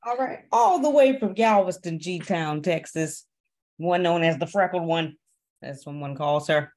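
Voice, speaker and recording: Casual livestream host, upbeat and loose, laughs a lot and stumbles through the guest intro. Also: male voice, a little high, a little slow, a little mellow.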